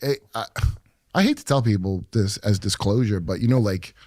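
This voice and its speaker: A man in a casual podcast chat, talking in a conspiratorial, profane and excitable way. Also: lowish voice, normal speed, no room sound, studio quality. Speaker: podcast guest.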